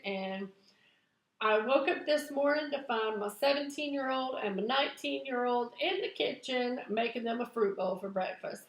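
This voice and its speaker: A woman, chatting excitedly to camera in a vlog and laughing at herself. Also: a little high. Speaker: vlogger. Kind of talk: casual chat to camera. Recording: echoey room.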